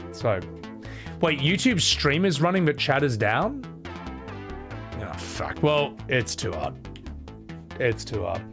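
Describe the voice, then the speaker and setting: A man's voice: medium pitch, vocal fry, a bit bright. A man with a put-on Scottish accent, live-streaming a horror game and chatting casually with viewers, swearing freely and thanking chat. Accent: exaggerated put-on Scottish.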